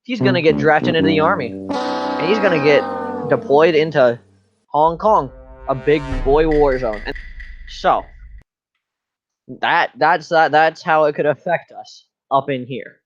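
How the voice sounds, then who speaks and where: A man's voice: fairly high pitch, lively intonation, unhurried, pauses often, muffled recording, soft background music. A man giving a joking class presentation in a slangy, rambling, mock-serious way. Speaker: student presenter.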